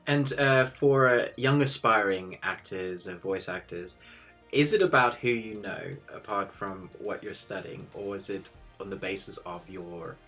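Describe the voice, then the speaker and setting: A man hosting an interview, asking halting questions with uh fillers. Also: sits low, sharp tone, faint music behind. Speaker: interview host.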